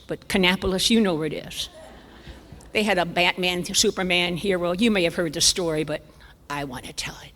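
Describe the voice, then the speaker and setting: In a church sanctuary with long reverb, an older woman delivers a humorous story at a church conference, animatedly acting out the voices with sudden leaps up and drops to whispers. She speaks in a mid-range voice.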